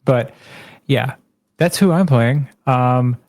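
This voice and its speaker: A man's voice: medium pitch, slow, darkish tone, no room sound. Hesitant man introducing his character. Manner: hesitant, with many restarts. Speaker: player. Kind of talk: casual chat.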